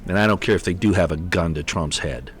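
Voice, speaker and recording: Low-voiced male livestream host, halting and repetitive, exasperated commentary. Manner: halting, repeats words often, exasperated. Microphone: computer mic on an unsteady connection.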